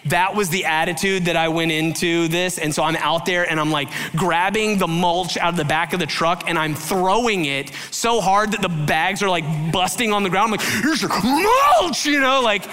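Male pastor, bright and fairly high voice, preaching a candid personal story in a sermon. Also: fairly even intonation, moderate pace, few pauses, in a large hall, soft background music. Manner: candid storytelling with acted quotes; loose, filler-heavy talk.

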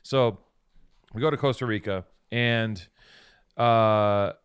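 A man's voice: lowish voice, slow, smooth, dry recording. Rambling, profane man with a dry close sound. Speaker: podcast co-host. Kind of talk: casual chat.

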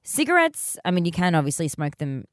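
A woman's voice: fairly low pitch, very animated, fairly quick, dry recording. Woman co-host, casual and candid, swears freely; dry studio mic. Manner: chatty, frank, swears casually. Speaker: podcast co-host. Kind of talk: casual chat. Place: podcast studio.

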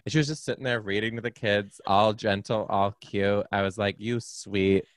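A man with a very low voice tells stories on a podcast with playful sass and big dramatic build-ups. The recording is dry and close. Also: steady tone, fairly quick, a bit bright, no echo. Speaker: podcast guest. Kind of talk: casual chat.

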